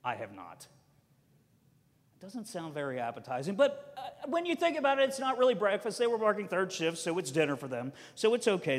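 A man preaching a sermon as a pastor, telling stories and swinging between loud emphatic lines and soft quiet ones. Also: high-pitched, big-room sound.

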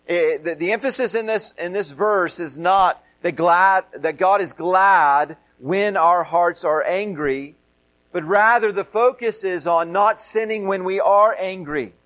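Male pastor, middle-aged, sermon delivery, earnest, repeats key phrases, fairly high voice. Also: unhurried, a bit bright, low-quality recording.

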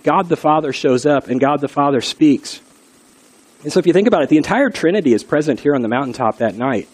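Talking fast with lively intonation, this middle-aged pastor delivers a sermon that is earnest and conversational, with stories along the way. The voice runs a little high and slightly mellow.

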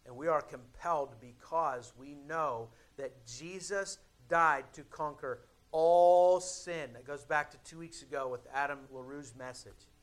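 A young adult male pastor preaching a sermon in a conversational way, with dramatic pauses and emphatic builds. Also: a little high.

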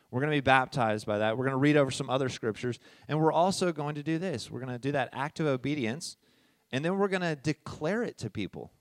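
A middle-aged pastor preaching a sermon in a conversational way, often checking in with "all right?" and moving from soft asides to loud emphasis. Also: male voice, medium pitch, dry recording, studio quality.

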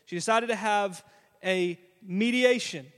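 A man's voice: high-pitched, unhurried, fairly bright tone. A male pastor preaching a sermon in a conversational storytelling way, often putting questions to the congregation. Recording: long hall reverb.

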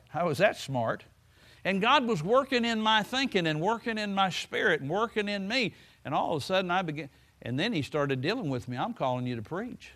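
A man's voice: high voice, expressive, normal speed, pushed and bright. A man preaching a sermon in a folksy way, stretching words for emphasis and breaking in with "hallelujah.". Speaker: pastor.

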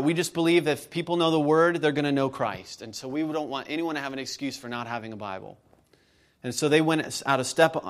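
A man's voice: medium pitch, fairly bright tone. A man in his thirties preaching to his church in a conversational way, building to emphatic peaks. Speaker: pastor. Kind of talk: sermon.

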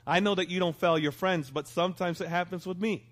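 A middle-aged man preaching a sermon as pastor, animated and asking the congregation for responses. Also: high voice, a little fast.

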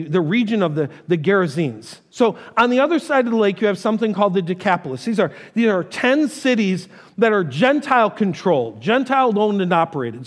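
A male pastor delivers a sermon in an animated storytelling style and acts out the characters' voices. His voice sits high and swings widely in pitch. The long reverb of a church hall carries every word.

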